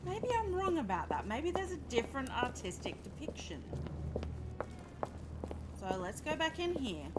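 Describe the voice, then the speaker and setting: A woman streamer chatting through a game with a higher, bouncy voice that swings widely up and down. She jokes with her chat and swears casually. Game music plays behind her. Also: very animated, normal speed, long pauses. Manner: chatty, joking and profane, talks to chat. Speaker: streamer playing a video game. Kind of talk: live gameplay commentary. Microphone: webcam setup.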